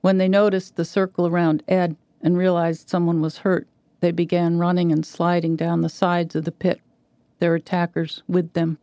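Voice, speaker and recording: A woman reads a short story aloud in a measured, even delivery. Her voice is gravelly and mellow, recorded close and dry. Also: on the low side, dry recording. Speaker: reader. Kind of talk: reading literary fiction aloud.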